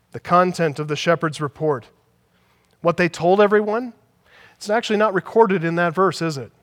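High-voiced man preaching in a reverberant hall. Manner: emphatic preaching with building repetition. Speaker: pastor. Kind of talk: sermon.

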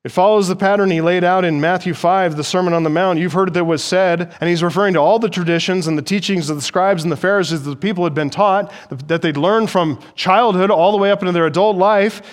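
A middle-aged man preaching an expository sermon as pastor, emphatic, dropping soft and then rising loud to stress his points. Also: sits high, clean tone.

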